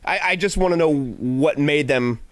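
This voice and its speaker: A man's voice: on the high side, moderate pace, no echo. Chatty man on a film podcast. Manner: chatty, laughs often, trails off mid-thought. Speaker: podcast co-host. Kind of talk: casual film discussion.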